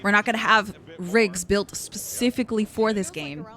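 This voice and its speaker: A woman's voice: mid-range voice, normal speed, a bit bright. A woman streamer giving chatty live reaction commentary, musing aloud about what she sees.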